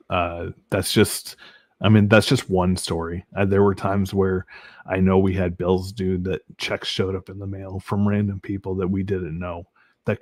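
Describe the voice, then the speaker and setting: Man, very low voice, dry close sound; earnest podcast guest sharing faith testimony, halting with restarts. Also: darkish tone, no echo. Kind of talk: personal faith testimony in an interview.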